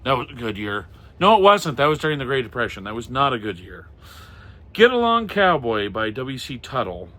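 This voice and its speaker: A man's voice: medium pitch, sing-song, brisk, bright, forceful tone. A middle-aged man chatting casually as he shows off old pulp magazines, reading titles aloud with wry muttered asides. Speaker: comic and pulp collector. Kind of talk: casual show-and-tell chat.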